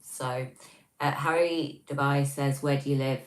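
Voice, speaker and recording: A woman's voice: a bass voice, fairly even intonation, unhurried, reverberant, low-quality recording. A woman hosting a casual livestream, reading out chat messages and answering them in a chatty, self-mocking way with many ums. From Scotland.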